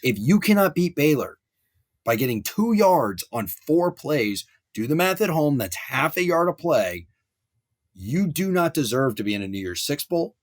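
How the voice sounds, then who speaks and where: A young man co-hosting a sports podcast, ranting at length with animated wrestling and pop-culture riffs. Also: on the high side, normal speed. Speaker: podcast co-host.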